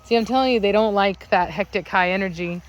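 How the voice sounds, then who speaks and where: A Virginia woman who breeds dogs films outside and chats casually, laughing a lot and cooing to her dogs in a sing-song baby voice. Her voice is medium-pitched and fast, with the high frequencies cut off.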